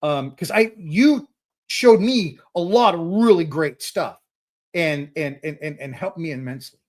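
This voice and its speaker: Excitable rambling man with a lively voice. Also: fairly high pitch, unhurried. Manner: excitable, rambling, repeats words when starting sentences. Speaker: host. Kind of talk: live-stream Q&A chat.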